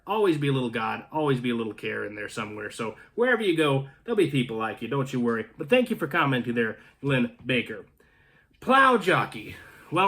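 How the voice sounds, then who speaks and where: Chatting from his home in Canada, a North Carolina man runs his channel in a medium-pitched, slightly bright voice. He reads out viewer comments and talks casually, rambling with jokes and restarting frequently.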